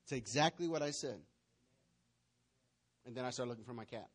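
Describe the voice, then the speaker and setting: Speaking at a normal speed with long pauses, this man has a mid-range voice as he preaches to his congregation. He tells stories, performs the characters' voices and scenes, and asks the listeners questions.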